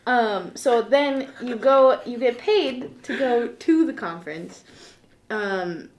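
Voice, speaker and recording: Woman, casual podcast co-host, giggly, animated storyteller, faint background noise. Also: a little high, slow. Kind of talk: casual chat.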